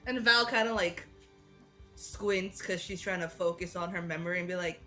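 A woman's voice: fairly low pitch, moderate pace, sharp tone, soft background music. A woman playing a tabletop role-playing game, playful and giggly as she voices her tipsy character. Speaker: player.

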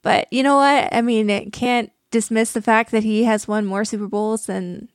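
A woman's voice: on the high side, fairly even intonation, normal speed, no echo, clean studio sound. A woman with a Canadian accent, co-hosting a casual podcast, eager and opinionated. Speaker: podcast co-host.

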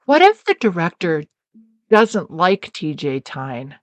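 A woman's voice: on the low side, slow pace, no echo. A woman co-hosting a podcast, casually recapping a TV episode and acting out characters' lines. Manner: animated, mimics characters in quotes. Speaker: podcast co-host.

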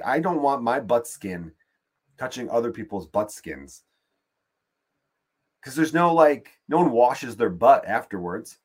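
A man's voice: mid-range voice, breathy edge. A man hosting a podcast, ranting crudely in a casual solo monologue. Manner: crude, animated ranting with swearing. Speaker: podcast host.

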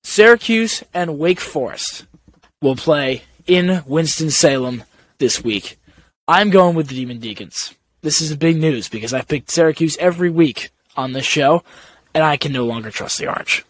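Young male host, high voice, dry close sound, teasing and in charge. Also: expressive, normal speed, no echo. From Italian-American family. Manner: runs the segment, teasing. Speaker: podcast host. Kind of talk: casual sports chat.

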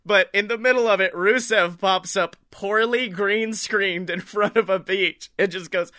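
A man with a high, bright voice chatting casually on a podcast. He talks in an animated way, swears freely and laughs a lot. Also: normal speed, few pauses. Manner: animated, swears a lot, laughs often, does silly impressions. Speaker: podcast co-host. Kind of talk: casual wrestling chat.

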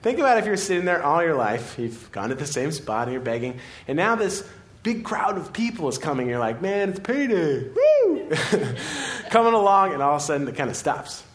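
A man preaching a sermon in a church, playful and animated, laughing as he acts out scenes. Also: on the high side, fast talker. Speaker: pastor.

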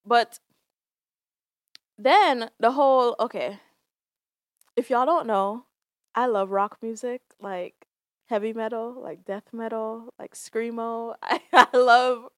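A woman podcast host from Jamaica chats through the latest gossip with a bright, higher-pitched voice. She laughs often and leans on fillers. The sound is dry and close, with no room echo. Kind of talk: casual chat about celebrity gossip.

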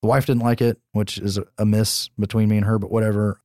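A man with a lowish voice tells a movie's story on a podcast, swearing freely and getting animated. The sound is dry and close. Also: fast, no room sound. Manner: profane, animated movie recapping. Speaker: podcast co-host. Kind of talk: casual chat.

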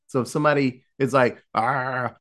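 A man's voice: on the high side, unhurried. A man casually recapping a horror film in a podcast chat, acting out the characters' lines with laughs and profanity. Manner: animated storytelling, acting out quotes, laughing, profane.

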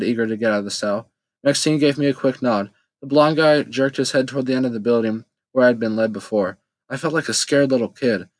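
A man reading a first-person novel aloud in steady, plain storytelling narration. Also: medium pitch, no echo, low-quality recording. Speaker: audiobook narrator.

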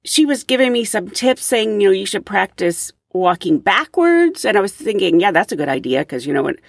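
A woman tells her own stories in a loose, chatty way, her pitch rising and falling a lot. The sound is dry and close, with no room in it. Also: brisk, creaky, husky, no room sound. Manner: lively, chatty, laughs while telling stories. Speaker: podcast host. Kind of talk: casual storytelling.

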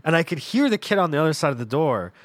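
A man hosting a podcast, telling a comedic story in a profane, animated way and laughing along. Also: fairly high pitch, fast, dry recording. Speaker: podcast host.

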